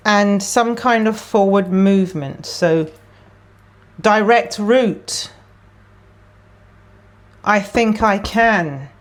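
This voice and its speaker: A woman's voice: mid-range voice, very slow, long pauses. A woman giving a casual tarot card reading to camera. She talks in an emotional, chatty way and thinks aloud as she pulls cards. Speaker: tarot reader.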